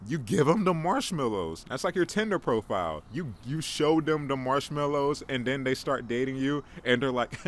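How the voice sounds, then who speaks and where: A man's voice: medium pitch, animated, moderate pace, hardly any pauses. A young man hosting a casual solo podcast, rambling and joking about himself with lots of restarts. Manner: rambling, joking, self-mocking, frequent restarts. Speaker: podcast host. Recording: faint background noise.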